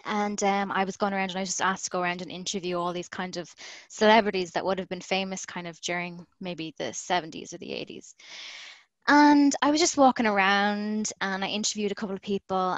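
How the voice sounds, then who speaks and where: A woman's voice: mid-range voice, dry recording, rough recording. An Irish woman in her thirties talks as a podcast guest, chatty and easy, often laughing and acting out lines she quotes. Her voice sits in a middle register. The recording is dry, from a remote call. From Ireland. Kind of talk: casual storytelling in an interview.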